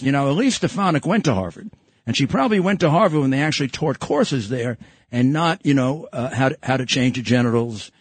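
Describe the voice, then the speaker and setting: A man's voice: mid-range voice, dry recording. An older man with a New York accent hosting a podcast, rambling and joking with lots of fillers and restarts. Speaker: podcast host. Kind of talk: casual political talk show chat.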